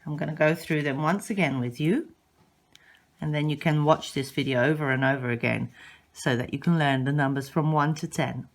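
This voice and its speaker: A woman teaching a language lesson, slowly modeling each word and exaggerating the tones for learners to repeat. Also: low voice. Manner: exaggerates rising and falling tones.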